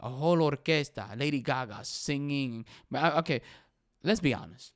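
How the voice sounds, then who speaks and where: A young man hosting a casual talk show, excitedly giving his opinions, switching between English and Spanish and saying "bro" all the time. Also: medium pitch, a little fast. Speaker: podcast host.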